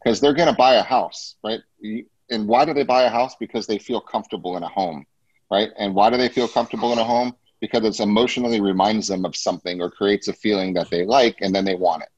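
Deep husky male host, motivational coach delivery, dry dull recording. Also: steady tone, fast, no echo. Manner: coaching, asks rhetorical "right?" often. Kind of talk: motivational business talk.

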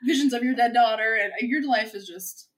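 High-voiced chatty woman co-host. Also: brisk. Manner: chatty, laughs often, acts out quotes. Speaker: podcast co-host. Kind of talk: casual film recap chat.

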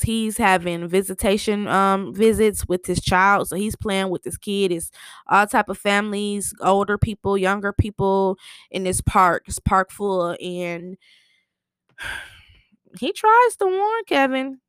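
A woman's voice: mid-range voice, takes it slowly, smooth, no echo, studio quality. Chatty woman recapping a TV episode. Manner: colloquial, chatty storytelling with slang and fillers.

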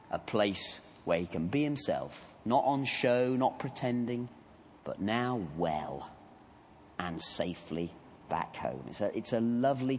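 A man preaching a sermon, telling the story in an animated, conversational way with asides to the congregation. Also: sits low, in a large hall, slight background noise.

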